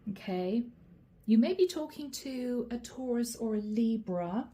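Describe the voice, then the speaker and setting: A woman giving a channeled tarot reading straight to her viewers, chatty and friendly, slowing down to name each card. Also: on the high side, expressive, mellow, a little hiss or hum. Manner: chatty, addresses viewers directly, slows to name cards. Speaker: tarot reader.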